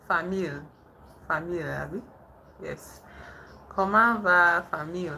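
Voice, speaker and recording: Woman chatting live with viewers, slow and halting, fumbling through french, bright tone. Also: mid-range voice, lively intonation, slight background noise, poor audio. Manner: halting, trying out French phrases between laughs. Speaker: livestream host. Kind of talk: casual live chat with viewers. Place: indoors in the dark at night.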